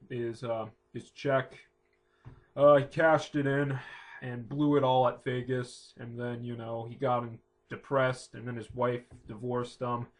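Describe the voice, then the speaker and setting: A man telling an improvised parody story, rambling and crude, with constant fillers and trailing asides. His voice sits at an average middle pitch. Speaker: comedic narrator.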